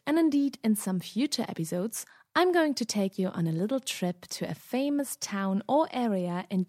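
A woman's voice: on the high side, a little mellow, no room sound, studio quality. Woman reading a cheerful travel segment. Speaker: cultural correspondent. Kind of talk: scripted travel segment in a language lesson.

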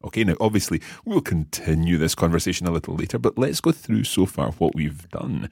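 Male teacher, low husky voice, lively intonation, patient step-by-step explainer. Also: fairly quick, no room sound, clean studio sound. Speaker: language teacher. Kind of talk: podcast language lesson.

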